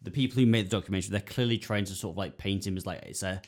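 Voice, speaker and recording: Low-voiced, rambling man. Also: very fast, darkish tone. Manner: rambling, lots of fillers, puts on voices to act out scenes. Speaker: podcast co-host. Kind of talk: casual chat.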